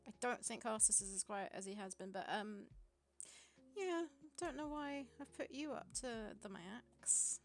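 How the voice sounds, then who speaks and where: Playful woman streamer with gravelly edge. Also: on the high side, a little slow, faint music behind. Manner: playful, checking audio levels. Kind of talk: casual chat. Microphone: desk mic.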